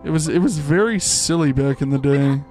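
A young man giving goofy, excitable live commentary while playing a game, rambling with many fillers. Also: fairly high pitch, normal speed. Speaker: streamer. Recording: faint game music behind.

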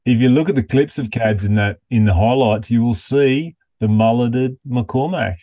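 A man's voice: mid-range voice, normal speed, warm tone, no room sound. A man co-hosting a podcast, laid-back and casually swearing. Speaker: podcast co-host. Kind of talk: casual chat.

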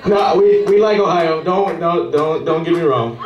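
On a comedy club stage, a man does stand-up about hotels, animatedly acting out the guests and singing waiters. His voice is fairly high, at a normal speed with few pauses, and the recording is muffled, with roomy club sound from a distant mic.

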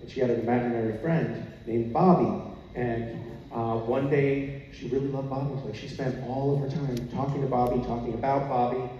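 A man on a convention panel telling funny family stories in a relaxed, amused way. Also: mid-range voice, moderate pace, slight background noise. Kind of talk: anecdotal storytelling. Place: convention hall stage. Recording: echoey hall from far off, dull.

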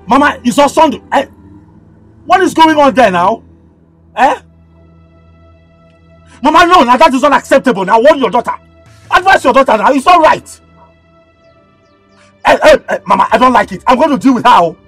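Male actor as a Nigerian keke driver: high, quarrelsome, shouting; film score underneath. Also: lively intonation, normal speed, long pauses, no echo, faint music behind, heavily acted. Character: hot-tempered keke driver, a grown son. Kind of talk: Nollywood film acting.

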